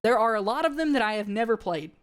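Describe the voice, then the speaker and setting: A woman streamer with a slightly high, expressive voice talks fast and casually to her live audience. She rambles with lots of fillers and restarts, reading viewer comments aloud and answering them.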